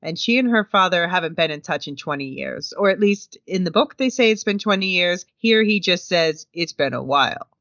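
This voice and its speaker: A woman co-host talks through a show episode in a relaxed, thoughtful way. She compares it with the books as she goes. Her voice is close and dry, with a dull, lo-fi sound. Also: fairly low pitch, normal speed, few pauses, no room sound. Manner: thoughtful, explains book details. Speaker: podcast co-host. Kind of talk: casual recap discussion.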